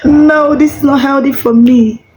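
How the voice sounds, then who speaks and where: A woman's voice: high voice, fairly even intonation, measured pace, darkish tone, slight background noise, pitched above the performer's own voice, low-quality recording. A woman voicing a child's talking tummy that playfully refuses junk food and keeps repeating itself. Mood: playfully protesting. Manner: playful, repetitive complaining.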